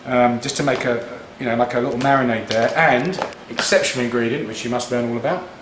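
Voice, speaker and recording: An English man hosts a casual home cooking demonstration in his kitchen, chatty and rambling with lots of restarts. His mid-range voice moves at a quick pace. The mic is distant in an echoey kitchen, with background noise and frying sizzle.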